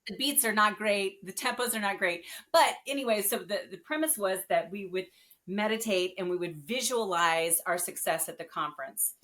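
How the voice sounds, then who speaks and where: A woman guest on a podcast, telling her story in a casual, animated and earnest way. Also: on the low side.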